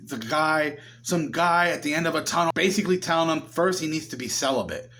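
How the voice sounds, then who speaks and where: Young guy rambling through a movie recap, voice a bit on the high side, acts out the lines. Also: fairly quick, a bit bright. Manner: chatty, acts out the characters' lines. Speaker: movie reviewer.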